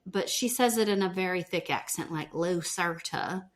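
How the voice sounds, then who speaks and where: A woman's voice: medium pitch, a little fast. A woman co-hosting a podcast, recapping a TV show in casual chat, with lots of "um" and "you know". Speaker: podcast co-host.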